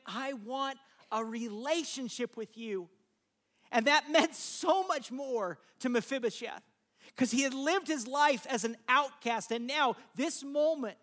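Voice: sits high, a bit bright. A preacher giving a sermon in a casual, conversational storytelling way, turning to listeners with asides.

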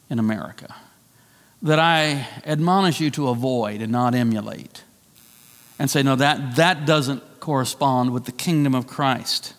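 A middle-aged man preaching a sermon as pastor, conversational and animated, with self-deprecating asides. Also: a little high, long reverb tail. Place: church sanctuary.

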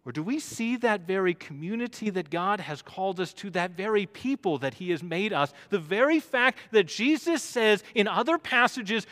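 Animated high-voiced male preacher. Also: normal speed, hardly any pauses. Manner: animated preaching, builds to loud emphatic runs. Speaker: pastor. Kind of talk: sermon. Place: church sanctuary. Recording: long hall reverb.

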